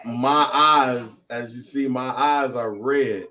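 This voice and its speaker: A man, co-hosting a casual podcast, talking excitedly with frequent laughs and high, animated bursts. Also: slow pace. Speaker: podcast co-host.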